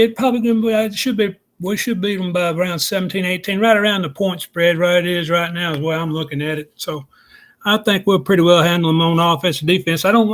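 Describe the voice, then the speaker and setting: In a laid-back podcast chat, a guest analyst breaks things down step by step, folksy and straightforward. He has a high, fairly bright voice.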